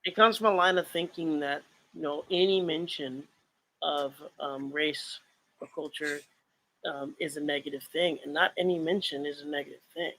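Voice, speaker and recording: A man's voice: a little high, normal speed, bright, forceful tone, slight background noise. A man co-hosting a casual podcast about writing, talking earnestly and reflectively with many fillers. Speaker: author and podcast co-host.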